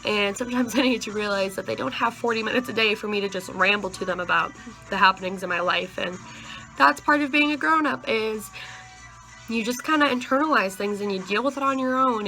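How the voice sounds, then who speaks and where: A woman's voice: medium pitch, a little fast, pushed and bright, soft background music, rough recording. A nineteen-year-old woman vlogging in a chatty, rambling way, full of fillers. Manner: chatty, rambling, with many likes and you-knows. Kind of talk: casual vlog chat.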